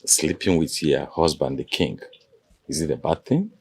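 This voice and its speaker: An actor with a Nigerian accent playing a jovial, boastful king who laughs loudly and teases. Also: big pitch swings, normal speed, slight background noise, heavily acted. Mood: tender. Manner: booming laughter, expansive and teasing. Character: jovial, boastful African king, a grown man.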